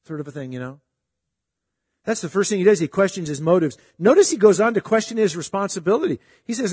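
A man's voice: high-pitched, lively intonation, fast talker, darkish tone, slightly rough, dry recording, studio quality, in a large hall. A middle-aged man preaching a sermon in a conversational, emphatic way, often asking his listeners questions. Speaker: pastor.

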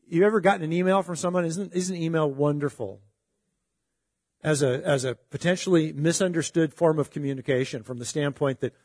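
A man's voice: on the high side, darkish tone, no room sound, clean studio sound, in a large hall. A middle-aged man preaching a sermon in a conversational, emphatic way, often asking his listeners questions. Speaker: pastor.

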